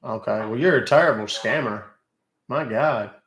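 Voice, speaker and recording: A man's voice: mid-range voice, moderate pace, a bit bright, roomy sound, low-quality recording. A man hosting a casual live stream, talking in a sarcastic, teasing, chatty way. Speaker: scam-baiting live streamer.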